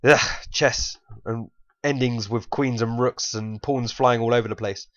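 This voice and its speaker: A mid-pitched man from England talks through his own chess game in a loose, rambling way. He keeps stopping to correct himself and laughs at his own slips. The recording sounds dull and lo-fi. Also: fairly even intonation, a little slow. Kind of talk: casual game commentary.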